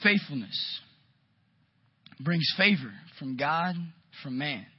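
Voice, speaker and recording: Animated husky-voiced male preacher. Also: fairly high pitch, slow pace, no room sound, highs cut off. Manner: animated storytelling, acts out quotes. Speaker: pastor. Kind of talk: sermon storytelling.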